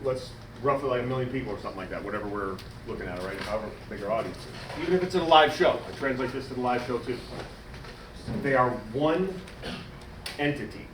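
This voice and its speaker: Man, wrestling promo coach, casual animated teaching, echoey room, far from the mic. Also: mid-range voice, fast talker, background noise. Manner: animated, demonstrates cadences, coaxing. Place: wrestling school training room.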